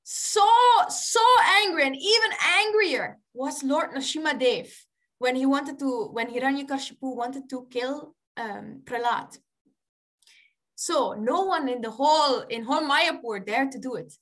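A woman storyteller telling a story to children, animated, laughing often and asking them questions. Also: sits high, measured pace.

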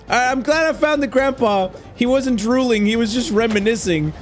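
A man's voice: extremely high pitch, moderate pace, few pauses, soft background music. A man giving let's-play commentary, reacting emotionally and swearing often. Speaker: gaming YouTuber.

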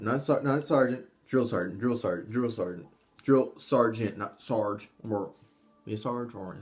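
A man's voice: medium pitch, a little mellow. A young man giving casual tips to camera, rambling and swearing, with frequent restarts. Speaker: vlogger, army trainee.

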